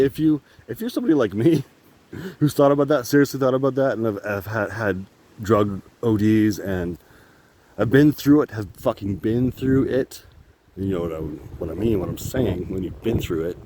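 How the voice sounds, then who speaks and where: A man's voice: on the low side, mellow, a little hiss or hum. A man vlogging on his phone while walking outdoors, talking in a meandering, candid way, laughing often and swearing casually. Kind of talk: rambling walk-and-talk vlog. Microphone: phone held while walking.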